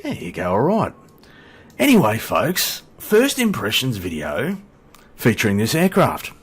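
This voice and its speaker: A man's voice: mid-range voice, wildly swooping pitch, unhurried, husky. A middle-aged Australian man giving rambling, chatty commentary, self-deprecating and swearing casually as he talks at home into a desk mic. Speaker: flight sim YouTuber.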